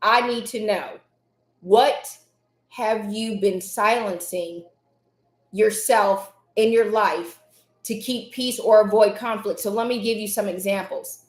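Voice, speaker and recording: A woman's voice: mid-range voice, slow pace, echoey room. A woman hosting a motivational live stream, talking emphatically, repeating her key lines and answering viewers by name. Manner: emphatic, repeats key phrases, reads chat names aloud.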